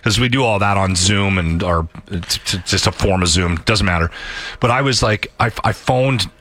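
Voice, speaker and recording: A middle-aged man hosting a radio show in casual banter, emphatic and animated, often restarting his sentences. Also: low voice, normal speed, slight background noise.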